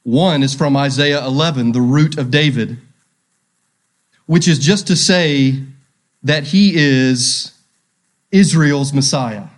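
A man's voice: medium pitch, takes it slowly, long pauses. A male pastor preaching a sermon, asking rhetorical questions and repeating key phrases.

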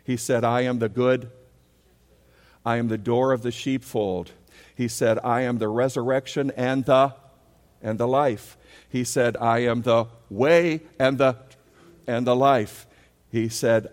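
Male pastor mid-sermon, lively call-and-response delivery, long hall reverb. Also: medium pitch, takes it slowly. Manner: animated preaching, leads congregation call-and-response.

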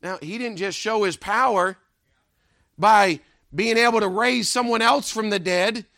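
A man preaching with a high, gravelly voice that cuts bright and sharp, recorded close and dry. He drives his sermon with a repeated rhetorical question. He sinks his voice low and quiet on the lines that matter most. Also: measured pace, dry recording.

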